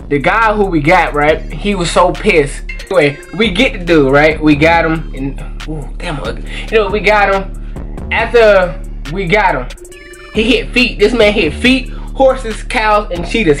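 Excitable slangy man telling a prank story. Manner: excitable, slangy storytelling with sudden high-pitched outbursts. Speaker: prank channel host. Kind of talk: storytime talking to camera.

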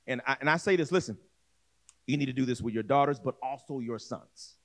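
A man's voice: medium pitch, a little fast, fairly bright tone. A man preaching a sermon as pastor, telling a story in a conversational way, acting out voices and repeating himself as he goes. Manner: direct, conversational, repeats words and restarts.

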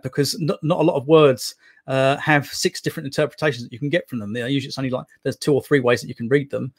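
A man guesting as a poet in an interview, talking in a casual, rambling way with many restarts and fillers. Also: on the high side.

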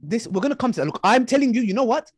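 A high-pitched man speaking fast in a heated online debate. He mocks his opponent, interrupts and repeats phrases over and over. His voice is husky, recorded dry and close. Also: animated. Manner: mocking, talks over the other, repeats himself. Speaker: online preacher debating an ex-Muslim.

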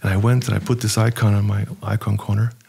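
A middle-aged archpriest telling a personal story in an earnest, halting way, with many pauses and fillers. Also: male voice, on the low side, level tone, creaky, a little mellow, slightly rough. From United States. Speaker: archpriest guest.

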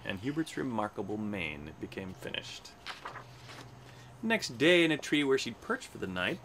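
A man reads a rhyming kids' storybook aloud on a space station, doing sing-song voices for the animals. His voice sits at medium pitch with a fairly bright tone, and there's a bit of background noise.

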